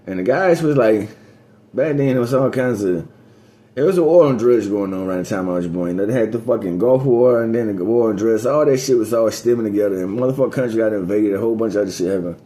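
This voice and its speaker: A man in a rambling, casual monologue, telling a loose, profane story that drifts between topics and climbs higher when he gets going. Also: quick pace. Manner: rising pitch on excited story beats.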